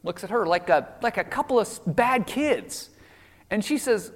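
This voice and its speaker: Animated preacher in a reverberant hall. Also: male voice, high-pitched, moderate pace. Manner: animated storytelling with acted quotes. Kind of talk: sermon.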